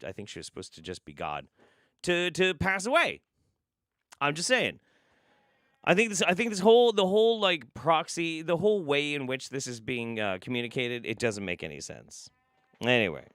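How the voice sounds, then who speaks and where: Sarcastic streamer guy rambling on, bright voice, dry close mic. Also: a little high, big pitch swings, moderate pace, clear, resonant tone, no echo. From United States. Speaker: streamer host reacting to videos. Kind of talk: casual live-stream commentary.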